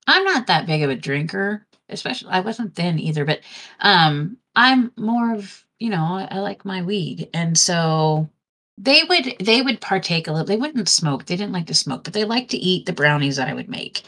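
A woman's voice: on the low side, sing-song, moderate pace, pushed and bright. A woman chatting casually, telling a long, rambling anecdote with lots of restarts. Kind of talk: casual storytelling chat.

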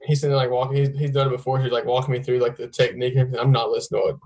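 A man's voice: mid-range voice, level tone, rapid-fire, darkish tone, low-quality recording. Young man telling rambling, profane stories. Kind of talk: casual chat.

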